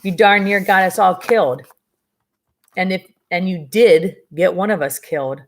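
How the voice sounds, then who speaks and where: A woman reading the part of a gruff, stern male ship's mate who speaks bluntly and snarls at the crew. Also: fairly low pitch, normal speed, lightly acted. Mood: accusing.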